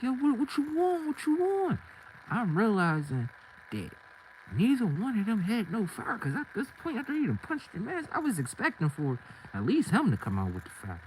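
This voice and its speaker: Animated man telling a street story. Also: a little high, moderate pace, a little hiss or hum, poor audio. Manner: animated street slang, acts out scenes. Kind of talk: casual story time.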